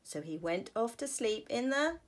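A woman teacher reading a picture book aloud to children, with slow, expressive storytelling. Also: fairly high pitch.

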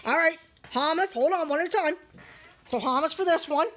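Very high-voiced gushing Canadian woman. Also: a little fast, a bit bright, a little hiss or hum. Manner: gushing, repetitive, baby talk to her dogs. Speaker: vlogger. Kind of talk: casual home vlog. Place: home, feeding her dogs.

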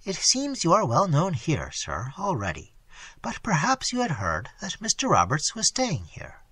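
A cheerful, pleasant farmer's wife speaks politely to a visitor, voiced by a male reader. The voice is lifted a little in pitch, bright and slightly breathy. It is heard as part of a storybook reading. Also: wildly swooping pitch, a little slow, dry recording, heavily acted.

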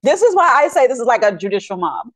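Woman, sarcastic legal commentary, higher voice, dry close mic, indignant. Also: big pitch swings, fast, no room sound. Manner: indignant, sarcastic, mock-quotes the judge in put-on voices. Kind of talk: commentary over court footage.

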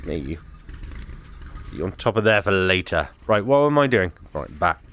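A man's voice: low voice, sing-song, measured pace, a bit bright, soft background music. Joking man playing a VR game. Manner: joking, muttering to himself. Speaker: gaming YouTuber.

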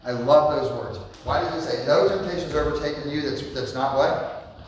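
Pastor preaching in an echoey church. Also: male voice, a little high, fairly quick, a little hiss or hum. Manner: conversational preaching with frequent "right?" asides. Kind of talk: sermon. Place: church sanctuary. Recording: echoey church hall, mic at a distance.

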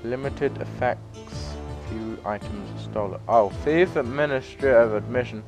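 A man talks through a video game at an unhurried pace, his voice sitting in a middling register. He swears freely and is easily excited, jumping from low mutters to sudden loud yelps. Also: music in the background. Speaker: gaming YouTuber. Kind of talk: let's play commentary.

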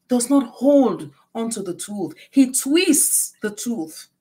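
A middle-aged woman preaching a sermon, reading scripture aloud and explaining it slowly and with emphasis. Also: on the high side.

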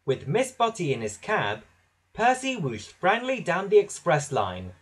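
A man narrating a children's storybook in a lively, animated way. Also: sits high, unhurried, breathy edge.

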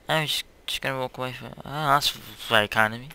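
A man's voice: mid-range voice, quick pace, hardly any pauses, pushed and bright, smooth. A young man hosting his own gaming channel, chatting casually over gameplay in a hyperactive, silly, rambling way.

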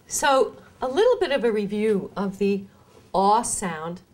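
A woman's voice: medium pitch, big pitch swings, darkish tone. Woman coaching vowel sounds. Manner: models vowel sounds slowly and clearly. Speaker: dialect coach. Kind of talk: speech lesson drills.

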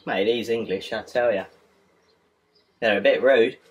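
A man voicing a chatty Australian delivery guy in a deliberately bad mock-Australian accent, rambling and matey. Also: on the low side, background noise, natural voice. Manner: laid-back, rambling, matey.

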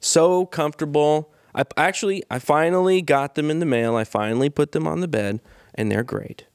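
A man's voice: a little high, brisk, clean tone, dry recording, clean studio sound. A man co-hosting a comedy podcast, laid-back and chuckling, with rambling asides. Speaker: podcast co-host. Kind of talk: casual comedy podcast chat.

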